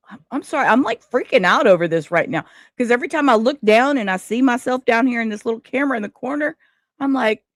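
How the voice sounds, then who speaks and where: Woman host, scattered casual stream chat, lively pitch, dry close sound. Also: no room sound. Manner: scattered, rambling, self-interrupting. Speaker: livestream host.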